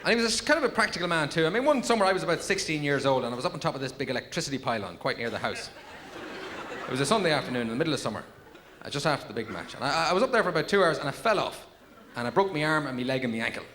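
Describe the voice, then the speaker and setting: Fast-talking Irish stand-up comedian. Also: male voice, a crowd in the background. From Ireland. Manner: deadpan, rambling storytelling with sudden high yelps. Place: packed theatre with laughing audience. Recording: 1990s VHS tape with audible noise.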